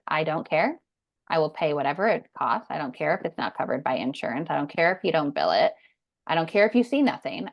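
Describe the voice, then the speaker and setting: A woman in her thirties tells her story as a podcast guest, earnest and emphatic. Her voice sits low with a gravelly edge. The recording sounds dull and lo-fi. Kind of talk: personal story in a podcast interview.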